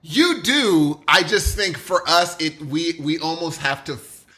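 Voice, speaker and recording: A man from California chatting on a podcast, slangy and animated, acting out his own reactions. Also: a little high, unhurried, breathy edge, soft background music. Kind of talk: casual chat.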